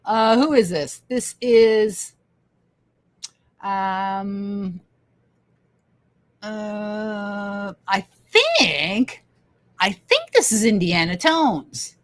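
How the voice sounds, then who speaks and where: Slow-talking, lively livestream host woman. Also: medium pitch. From Canada. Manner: enthusiastic, laughs often, repeats phrases. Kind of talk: casual livestream chat reading comments.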